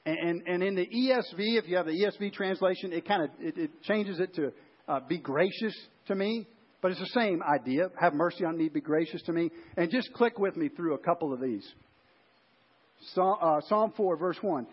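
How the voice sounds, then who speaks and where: High-voiced husky preacher, dull recording. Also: male voice, moderate pace. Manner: conversational preaching, asks the congregation questions, frequent restarts. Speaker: pastor. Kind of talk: sermon.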